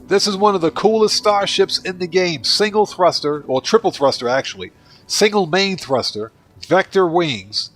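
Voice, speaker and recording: A man's voice: high voice, lively intonation, moderate pace, fairly bright tone. Chatty man streaming a game. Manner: chatty, talks to viewers by name while playing. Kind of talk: casual livestream gaming commentary.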